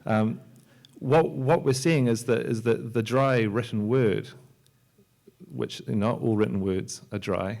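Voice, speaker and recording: A man, a software entrepreneur and filmmaker, giving a loose, joking talk on a library panel, with many restarts and fillers. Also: mid-range voice, moderate pace, vocal fry. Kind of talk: conference talk. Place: lecture hall at a library.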